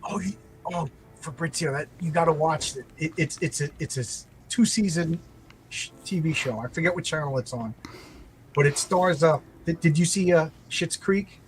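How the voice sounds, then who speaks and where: A man in casual chat, retelling a TV show in a rambling, animated way, full of restarts and quoted lines. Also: a little high, normal speed, poor audio. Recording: faint background noise.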